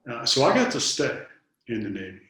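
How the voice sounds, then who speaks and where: With a mid-range, fairly quick, somewhat bright voice whose pitch swoops wildly, a Detroit man in his fifties from the United States tells personal stories as an interview guest. He earnestly acts out dialogue and repeats words when starting a thought, all in a very echoey room.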